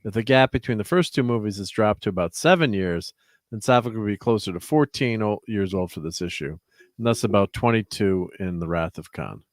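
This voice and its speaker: A man co-hosting a casual livestream chat, reading notes aloud in a measured way. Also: on the low side, animated, dry recording, studio quality. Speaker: co-host.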